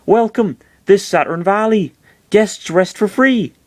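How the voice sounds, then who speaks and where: A man voicing a small cheerful creature in a put-on West Country accent, in high chirpy broken phrases. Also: slow, darkish tone.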